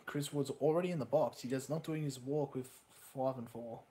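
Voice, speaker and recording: With a mid-range voice and a brisk delivery, a young male streamer reacts excitedly to a football game. He reads out messages from his chat and swears in a casual way.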